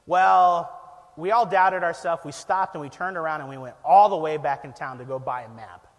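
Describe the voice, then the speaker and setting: A high-pitched male pastor spins an animated, self-deprecating story from the pulpit, laughing as he goes. His voice rings out with long church hall reverb. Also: moderate pace. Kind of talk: storytelling sermon.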